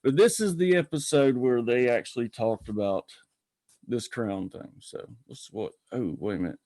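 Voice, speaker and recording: A man hosts a casual call-in show with a mellow, relaxed tone and an easy, rambling flow. His voice sounds close and dry, with no room echo. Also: mid-range voice, normal speed. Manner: folksy, rambling, greets viewers by name. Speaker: podcast host. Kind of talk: casual live-stream chat.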